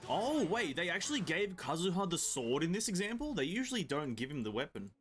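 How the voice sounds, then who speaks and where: A man's voice: a little high, sing-song, brisk, a bit bright, slight background noise. Swearing, chatty male game streamer. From Europe. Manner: chatty, swears freely, banters with chat. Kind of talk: casual live-stream chat while playing.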